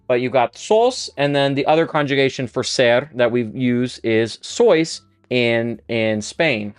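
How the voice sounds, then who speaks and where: A man's voice: mid-range voice, lively intonation, measured pace, smooth, no echo. A man teaching a casual live-streamed Spanish lesson, thinking aloud with fillers and restarts while he writes out conjugations.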